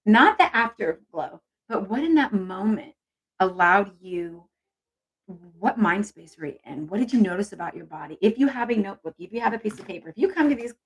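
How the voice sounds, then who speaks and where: A woman's voice: mid-range voice, lively intonation, moderate pace, slightly rough, low-quality recording. A woman hosting a casual live stream on intuition, chatty and encouraging as she reads viewer comments aloud.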